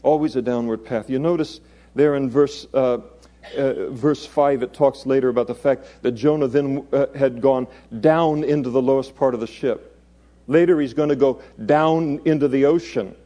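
A man's voice: mid-range voice, moderate pace, mellow. A man preaching an expository sermon in a conversational way, chuckling and adding playful asides.

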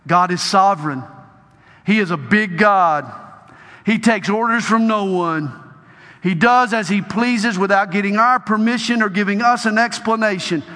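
Slow-preaching man in a reverberant hall. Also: sits high. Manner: emphatic, rising to loud exhortation. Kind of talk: sermon and closing prayer. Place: large hall with a crowd.

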